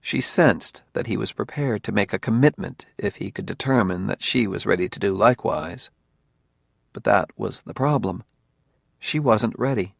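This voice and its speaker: Gravelly male audiobook narrator. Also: lowish voice, moderate pace, no echo, studio quality. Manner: steady, intimate storytelling. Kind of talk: scripted narration.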